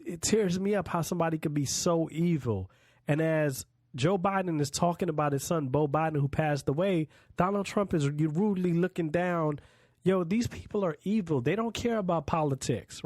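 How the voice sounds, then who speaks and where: A man's voice: a little high, a little mellow, dry recording, studio quality. A man hosting a political podcast, talking bluntly and emphatically in a casual monologue and swearing freely. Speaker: podcast host.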